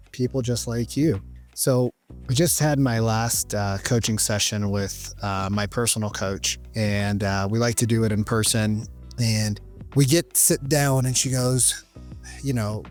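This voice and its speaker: Earnest motivational man, soft music behind. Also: medium pitch. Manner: earnest, retells conversations with many "right?" asides. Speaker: business coach and vlogger. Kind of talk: motivational talk to camera.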